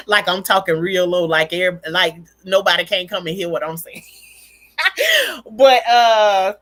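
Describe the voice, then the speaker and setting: Bright-voiced woman chatting candidly on a livestream. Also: fairly low pitch, expressive, normal speed. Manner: candid, emphatic storytelling with frequent laughs. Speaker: livestream host and mother. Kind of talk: casual livestream chat.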